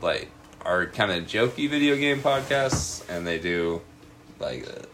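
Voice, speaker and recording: A man's voice: sits low, expressive, unhurried, a bit bright, slight background noise. A man from Washington state co-hosting a podcast in casual, rambling chat, laughing often and swearing freely. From Washington state, USA. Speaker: podcast co-host.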